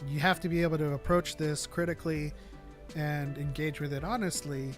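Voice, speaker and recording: A man's voice: fairly high pitch, fairly even intonation, fairly quick, faint music behind. A man co-hosting a fan podcast in casual chat, arguing his points at length and laughing often. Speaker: podcast co-host.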